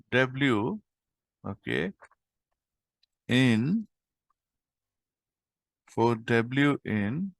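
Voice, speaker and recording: A man teaching a coding lesson, thinking aloud as he types and filling pauses with okay and um. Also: medium pitch, gravelly, no room sound, studio quality. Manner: thinks aloud while typing, many fillers like okay and um. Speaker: programming tutor. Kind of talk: screen-recorded coding lesson.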